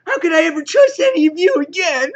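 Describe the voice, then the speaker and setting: A man's voice: very high-pitched, measured pace, pitched above the performer's own voice. A man doing a whiny, tearful young heroine. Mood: shrill. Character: whiny upset young woman superhero.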